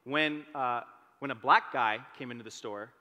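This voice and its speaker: A young man telling his own story as a sermon, animated and self-deprecating. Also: medium pitch, moderate pace. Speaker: teaching pastor. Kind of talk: testimony sermon. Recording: long reverb of a large hall.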